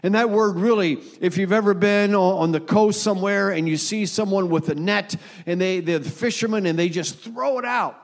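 A man in his sixties, a pastor, preaching a sermon in a church, telling stories earnestly and slowing down to quote scripture. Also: high-pitched. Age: 60s.

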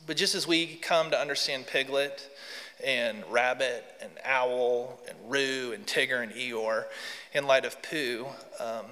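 A man's voice: mid-range voice, unhurried, bright, forceful tone. A man preaching a sermon and leading prayer in a large church, earnest and addressing the congregation directly. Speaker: pastor. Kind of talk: sermon with scripture reading and prayer. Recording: long hall reverb from a church.

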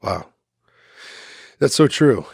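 A man's voice: medium pitch, expressive, extremely slow, vocal fry, slightly rough, no echo, studio quality. A man hosting a podcast, giving brief murmured reactions in casual chat.

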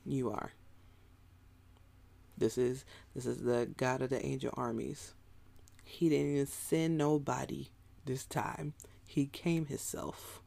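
A man's voice: medium pitch, little pitch movement, takes it slowly, creaky, pauses often, darkish tone. A man preaching a sermon in a casual, conversational way, talking straight to his listeners.

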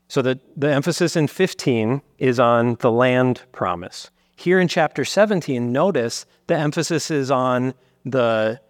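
A man's voice: medium pitch, no echo, studio quality. A man pastor preaching an earnest, teaching sermon, at times voicing God in the first person to make his point. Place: church sanctuary.

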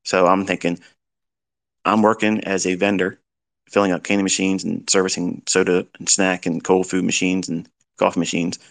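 A man's voice: sits low, flat delivery, moderate pace, gravelly. A middle-aged man lecturing as a trading mentor, giving blunt fatherly advice with rhetorical questions. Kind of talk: lecture-style talk.

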